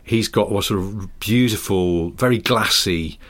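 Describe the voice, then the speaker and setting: A man with a fairly low voice co-hosts a podcast. He riffs in a dry, whimsical way, building absurd ideas in an easy conversational tone. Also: unhurried, a bit bright. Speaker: podcast co-host. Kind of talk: casual comedic chat.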